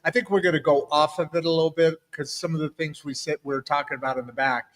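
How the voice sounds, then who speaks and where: A man's voice: fairly high pitch, fairly even intonation, fast, fairly bright tone, big-room sound. A man hosting an interview show, upbeat and hyping, often repeating his phrases. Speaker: host.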